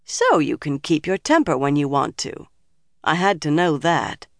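A woman's voice: sits low, sing-song, measured pace, no echo, exaggerated voice. A narrator voicing a stern, commanding older woman leader with a hard, dry manner, in a dry studio audiobook reading. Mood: measured.

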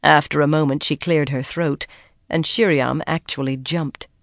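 Steady audiobook narrator, dry sound. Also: mid-range voice, no room sound. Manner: steady, measured reading. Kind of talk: scripted fantasy narration.

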